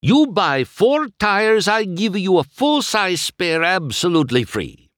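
A man voicing an enthusiastic male tire-shop car, pitching eagerly in broken English. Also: very animated, a little slow, a bit bright, no room sound, clean studio sound, exaggerated voice.

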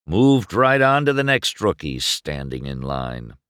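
A man voicing a gruff, bitter older male race car who grumbles in a stern, weary way. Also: low voice, big pitch swings, unhurried, a bit bright, no echo, clean studio sound, heavily acted.

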